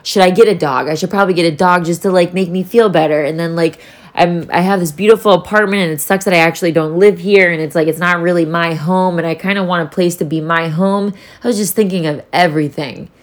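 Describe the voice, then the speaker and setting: A young woman with a low voice talks straight to camera in a casual solo vlog. She rambles candidly, circling back on her thoughts and swearing freely. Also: fairly even intonation, fast talker. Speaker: vlogger.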